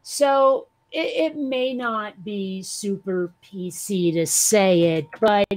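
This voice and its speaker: A woman's voice: medium pitch, slow pace, darkish tone, no echo. A woman co-hosting a podcast, chatting casually with a drawling Valley Girl voice, rambling, joking crudely and using many fillers. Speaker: podcast co-host. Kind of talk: casual chat.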